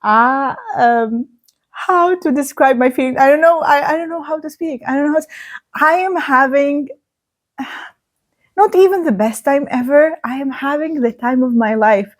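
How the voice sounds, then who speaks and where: A woman book vlogger talking through a spoiler review in casual chat, gushing and excitable, with many fillers and restarts. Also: high-pitched, normal speed.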